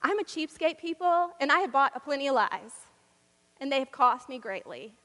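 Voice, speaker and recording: High bright-voiced woman preaching. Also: moderate pace, big-room sound. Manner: rhythmic, repetitive, emphatic and animated. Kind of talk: sermon. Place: church.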